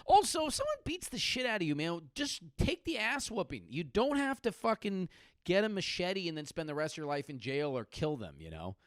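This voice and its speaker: A man in his late thirties hosts a comedy podcast, rambling through crude stories with sudden loud bursts. His fairly high voice swoops around a wide range, and the sound is close and dry. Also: huge pitch swings, fairly quick, dry recording. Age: late 30s.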